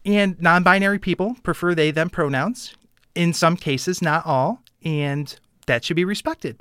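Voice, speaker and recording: A woman's voice: lowish voice, measured pace, a bit bright, clean tone, dry recording, clean studio sound. A woman co-hosting a talk show, speaking in an earnest, emphatic way. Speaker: co-host. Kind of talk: casual talk-show chat.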